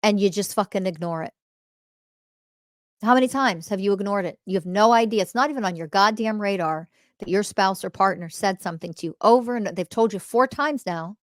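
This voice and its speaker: A woman's voice: medium pitch, fairly quick, dry recording, clean studio sound. A woman podcast host teaching spirituality in a blunt monologue, swearing often and firing rhetorical questions, repeating key phrases for emphasis.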